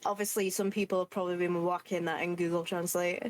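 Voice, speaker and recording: A woman playing a tabletop game, chatting casually with dry, deadpan humor. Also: fairly low pitch, fast. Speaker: player. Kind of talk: casual chat.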